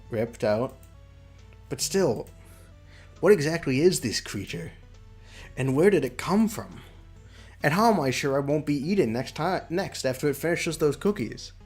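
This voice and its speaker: Brief: chatty young male streamer, mid-pitched voice, game read-along, soft music. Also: lively intonation, moderate pace, pauses often, slightly rough. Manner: playful, chatty, laughs between lines. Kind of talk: reading a visual novel aloud with commentary.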